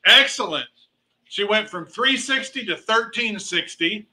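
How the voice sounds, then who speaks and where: A man working as an auctioneer at a charity party, calling out bids and teasing bidders in a playful, excitable way. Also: high-pitched, measured pace, low-quality recording. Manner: calls rising bid amounts.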